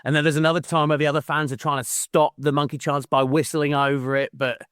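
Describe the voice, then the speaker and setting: A man's voice: fairly high pitch, flat delivery, fast, fairly bright tone, clear, resonant tone, no room sound, studio quality. A man co-hosting a casual podcast about a book, swearing freely and laughing partway through sentences. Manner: swears freely, laughs mid-sentence, mimics people in quotes. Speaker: podcast co-host. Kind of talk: casual book-club chat.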